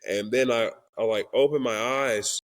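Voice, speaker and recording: Speaking in a mid-range voice with fairly even intonation at a moderate pace, a young Christian rapper shares a personal story as a podcast guest. The conversation is candid, earnest and emotional, and he voices the people he quotes.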